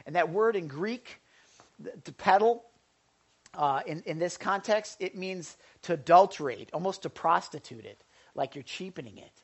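Joking, chatty male pastor preaching. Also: high-pitched. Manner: chatty, joking asides to the congregation; frequent stammered restarts. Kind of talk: conversational sermon.

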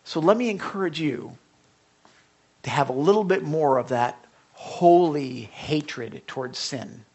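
Male pastor, slightly high voice, conversational sermon with restarts and fervent swells. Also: animated, vocal fry, slightly rough. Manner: conversational, swings from hushed asides to impassioned outbursts; halting restarts and repetitions.

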